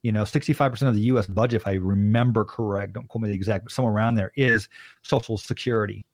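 A man's voice: fairly low pitch, steady tone, fast, no echo. A man in his thirties from Arizona, a podcast guest telling long rambling stories and acting out the people he quotes. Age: 30s. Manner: rambling, acts out quoted voices. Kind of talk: casual storytelling conversation.

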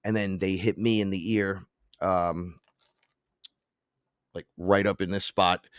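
A man, a podcast guest telling animated, profane stories and acting out the quotes. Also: low voice, slow pace, clear, resonant tone, no room sound, clean studio sound. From Bronx, New York. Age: 40s. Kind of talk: casual storytelling.

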